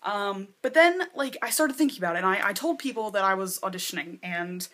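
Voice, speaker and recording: A woman's voice: medium pitch, animated, a little fast, fairly bright tone. Chatty young woman vlogging from her bedroom. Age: 20s. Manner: chatty, rambling, lots of "like" and acted-out quotes. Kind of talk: casual vlog chat. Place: bedroom with posters.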